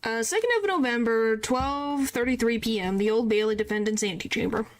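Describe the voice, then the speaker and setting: A woman streamer with a fairly quick, higher-pitched voice chats casually and giggles while reading game dialogue aloud into her streaming mic. It's laid-back game commentary mixed with reading out character lines.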